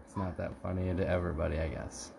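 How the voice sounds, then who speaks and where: A man's voice: sits low, flat delivery, fast talker, gravelly, darkish tone, a little hiss or hum, poor audio. A man co-hosting a podcast who chats casually and spins joking made-up stories. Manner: joking, improvises mock stories. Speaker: podcast co-host. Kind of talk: casual chat.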